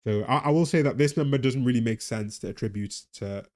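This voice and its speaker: A medium-pitched, slightly mellow voice comes quickly from a tired man with a faint Geordie accent. Chatting casually on a live stream, he laughs and rambles about the economy, addressing both chat and a pet.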